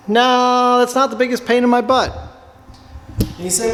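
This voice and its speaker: A man's voice: very high-pitched, moderate pace, pauses often, fairly bright tone, a little hiss or hum. A man who owns a laundromat, filming a casual vlog, ranting in exasperation with lots of rhetorical questions. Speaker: laundromat owner and channel host. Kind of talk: casual talk-to-camera vlog. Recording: echoey, reverberant room.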